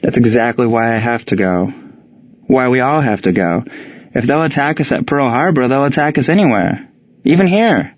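A man's voice: mid-range voice, moderate pace, highs cut off, natural voice. A man playing a hot-tempered young man. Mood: agitated. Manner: shouting, agitated.

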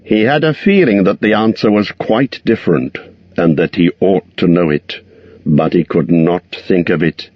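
A man narrating a storybook in a measured, expressive reading. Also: deep voice, no echo, lo-fi sound. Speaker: audiobook narrator.

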